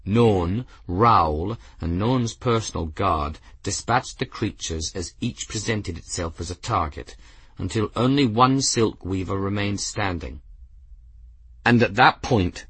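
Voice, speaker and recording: A man reading a fantasy novel aloud as a narrator, with measured, expressive storytelling. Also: lowish voice, breathy edge, no room sound. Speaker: audiobook narrator. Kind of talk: scripted narration.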